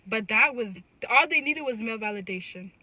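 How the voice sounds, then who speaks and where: A woman's voice: on the high side, animated, brisk, sharp tone, a little hiss or hum, rough recording. A woman telling a personal story straight to her phone camera in an emphatic, direct way. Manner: emphatic, addresses viewers directly.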